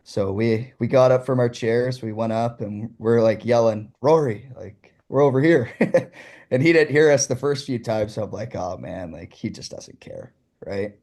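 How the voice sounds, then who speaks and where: A young man from Ontario, telling an animated story as a guest in casual chat. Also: on the low side, moderate pace. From Ontario, Canada. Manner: animated, excitable.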